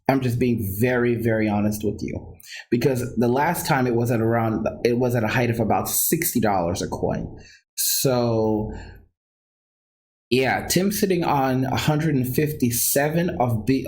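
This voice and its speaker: A man with a Long Island, New York accent, talking casually and excitably to livestream viewers, repeating himself and laughing. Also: medium pitch. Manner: excitable, repetitive, addresses viewers as guys, often laughs. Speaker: crypto course seller and livestreamer.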